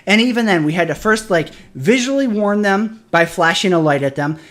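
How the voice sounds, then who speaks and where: A man's voice: high voice, animated, brisk, a bit bright. Profane, heated male streamer. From Michigan. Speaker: military veteran. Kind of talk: casual chat.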